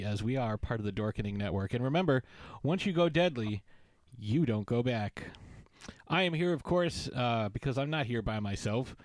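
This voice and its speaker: There's no echo as a man with a medium, slightly mellow voice hosts his podcast. He keeps things casual, riffing playfully and spinning off into joking tangents.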